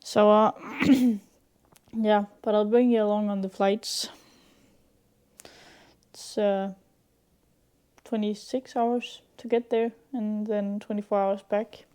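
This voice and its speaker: A woman's voice: medium pitch, steady tone, slow, long pauses, dark tone, smooth. A young woman from Denmark talking casually to camera in a vlog, hesitant with many fillers, sometimes dropping to a half-whisper. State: sick, in bed. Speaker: vlogger.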